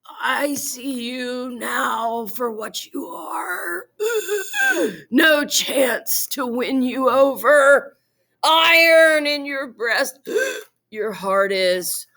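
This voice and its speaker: A woman's voice: high-pitched, sing-song, drawn-out words, gravelly, sharp tone, exaggerated voice. A woman voicing a dying young prince, pleading in a faint, gasping, tearful voice in a classroom. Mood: bitter, dying.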